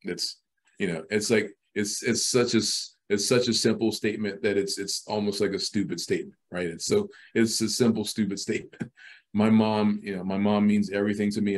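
A man's voice: fairly low pitch, steady tone, fairly quick. A middle-aged man as a podcast guest, talking casually with many restarts and repeated words. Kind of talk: casual interview talk.

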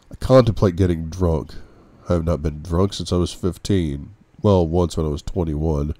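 A man narrating an audiobook in the first person, with a brooding, measured reading. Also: sits low, very animated, mellow, no echo.

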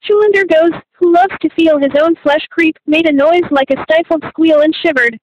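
A woman's voice: very high voice, moderate pace, muffled recording, slight background noise. A woman reading a novel aloud as an audiobook narrator, in scripted narration.

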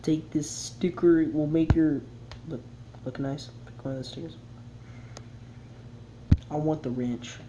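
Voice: mid-range voice, steady tone, a little slow, long pauses, noisy background. A player giving casual gameplay commentary, reading the game's text aloud and chuckling at it along the way. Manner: reads game text aloud with chuckling asides. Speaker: game player.

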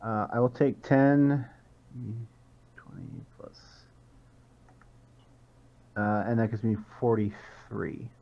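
A man's voice: fairly low pitch, slow, creaky, pauses often, highs cut off. A man playing a tabletop game who calls out his rolls casually and laughs at his own character's schemes. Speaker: player.

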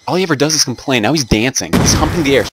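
A man's voice: mid-range voice, very fast. Rowdy young Southern gamer guy. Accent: Southern American. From Southern United States. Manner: excitable, trash-talking, teasing friends. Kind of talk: casual gaming commentary. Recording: game gunfire noise behind voice. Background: loud gunfire and explosions from the game.

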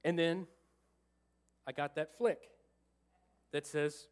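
High-voiced, animated preaching man. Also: takes it slowly, clear, resonant tone. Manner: animated, acts out his own thoughts and jokes with the congregation. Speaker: pastor. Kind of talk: storytelling sermon. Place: church sanctuary.

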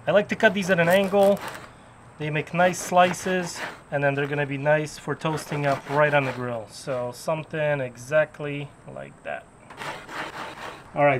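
Chatty guy cooking at his backyard grill, a bit high voice, crickets going faintly behind him. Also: a little hiss or hum. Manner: upbeat, chatty, explains each step. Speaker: cooking channel host. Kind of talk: casual cooking demonstration.

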